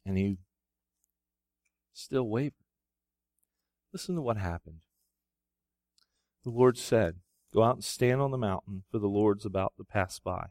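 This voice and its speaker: A pastor preaching a sermon, moving from quiet, low retelling to loud, soaring exhortation. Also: male voice, a little slow, long pauses, no echo, studio quality. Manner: swings from soft, low storytelling to loud, high-pitched preaching.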